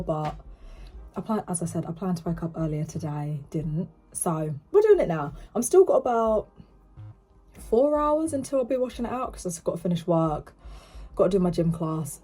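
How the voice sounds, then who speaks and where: A woman's voice: lowish voice, warm tone. A young woman in her twenties chatting casually to camera in a home vlog, upbeat and talkative. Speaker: vlogger. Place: home, indoors.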